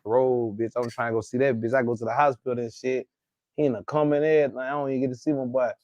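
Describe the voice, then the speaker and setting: Fast-talking Alabama man telling stories. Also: mid-range voice, steady tone, darkish tone, dry recording, highs cut off. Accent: Southern US, Alabama. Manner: loose slangy storytelling, rapid and profane. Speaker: guest. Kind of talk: casual storytelling interview.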